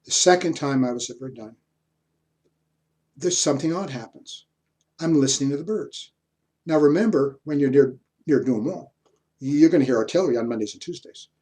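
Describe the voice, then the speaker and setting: A man's voice: mid-range voice, normal speed, pauses often, a little mellow. An older man lecturing on history, telling a reflective personal story and repeating words as he searches for them.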